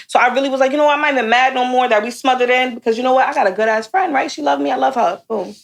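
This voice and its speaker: A young woman co-hosting a podcast, telling a story in a blunt, animated, profane way, casual chat. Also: high voice, fast, hardly any pauses. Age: young adult. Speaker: podcast co-host.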